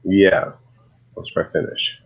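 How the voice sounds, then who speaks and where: A man co-hosting a podcast in casual chat on a headset, eager and excitable. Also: slow pace, dull audio. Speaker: podcast co-host. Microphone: headset on a voice call.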